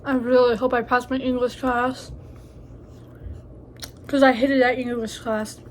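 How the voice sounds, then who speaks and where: A woman's voice: fairly high pitch, level tone, unhurried, slight background noise. A young woman in a casual eating vlog, joking and crude, chatting between bites with a stuffy nose from allergies. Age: young adult. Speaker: vlogger. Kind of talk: casual mukbang chat.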